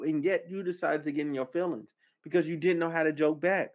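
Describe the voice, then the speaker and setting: A man's voice: on the high side, a little fast. Exasperated man ranting, lo-fi audio. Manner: exasperated, repetitive, emphatic. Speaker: podcast host. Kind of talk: casual commentary rant. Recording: slightly muffled, lo-fi audio.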